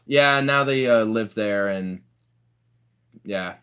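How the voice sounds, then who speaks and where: A man's voice: fairly low pitch, takes it slowly, a bit bright, smooth. A young man in casual chat, rambling through stories with lots of fillers and restarts. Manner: rambling, filler-heavy storytelling.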